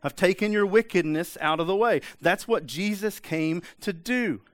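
A man preaching with a fairly high voice, talking straight to his listeners with pointed questions and blunt asides. The sound is close and dry, with no room echo. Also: moderate pace. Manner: emphatic, conversational preaching with rhetorical questions. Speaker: pastor. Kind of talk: sermon.

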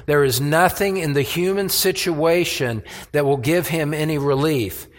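A pastor preaching a sermon in an earnest, measured way, his voice rising when he voices the psalmist. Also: a little high, long reverb tail. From United States.

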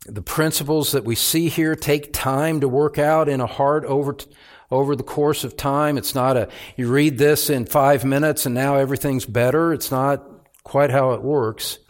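A male pastor preaching a sermon, calling his listeners beloved and rising in pitch and volume on the points he stresses. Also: steady tone. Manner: rises in pitch and volume for emphasis, slows on key phrases.

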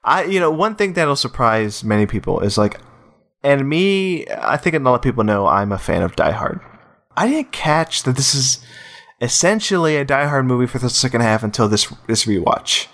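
A man hosts a relaxed film podcast at an ordinary, middle pitch. He wanders through his thoughts, doubles back and restarts sentences, and keeps his talk loose and conversational. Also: normal speed. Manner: rambling, full of restarts and "you know". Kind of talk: casual film-discussion chat.

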